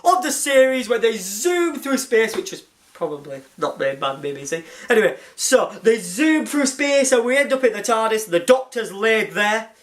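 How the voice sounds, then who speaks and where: An excited fan reviewer recapping a TV episode, gushing and rambling, often restarting with "anyway". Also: medium pitch, normal speed.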